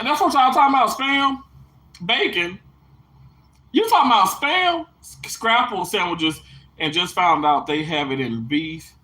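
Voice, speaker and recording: A woman from Mississippi with a Southern accent chats live with her viewers in an animated, exclamatory way. Her voice is bright and tense. Her pitch swings widely from low asides to high outbursts. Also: rough recording. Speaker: livestream host chatting with viewers. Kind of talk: casual live chat.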